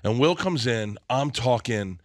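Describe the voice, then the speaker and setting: A man, a comedian guest, telling a long anecdote in an excitable way, with quick restarts and stammers, and slipping into other people's voices. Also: mid-range voice, no room sound, studio quality. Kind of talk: animated storytelling anecdote.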